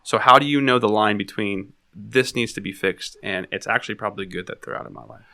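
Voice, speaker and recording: Low, gravelly male co-host. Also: fairly quick, bright, forceful tone. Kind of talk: casual conversational podcast talk.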